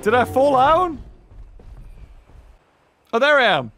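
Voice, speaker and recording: A man giving excitable gameplay commentary, laughing often and yelping at jump scares. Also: very high voice, slow pace, a little hiss or hum. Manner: excitable, laughs a lot, yelps and shouts at scares. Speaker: gaming YouTuber.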